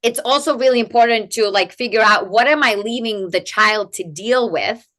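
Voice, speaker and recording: A woman guest expert explaining in a conversational interview, animated and peppered with "like" and "right?" tags. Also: fairly high pitch, moderate pace. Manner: animated, rhetorical "right?" tags, many "like" fillers. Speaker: guest expert in family coaching.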